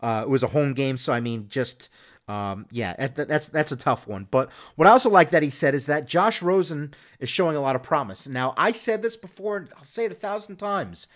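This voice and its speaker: Man, casual sports podcast host, rambling, stumbling restarts, fairly high pitch. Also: expressive, fairly quick, a bit bright. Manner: rambling, many restarts and fillers.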